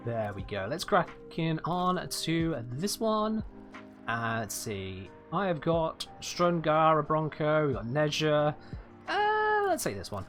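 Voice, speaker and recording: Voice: medium pitch, wildly swooping pitch, takes it slowly, fairly bright tone, soft background music. A streamer chatting casually with viewers while playing a game live.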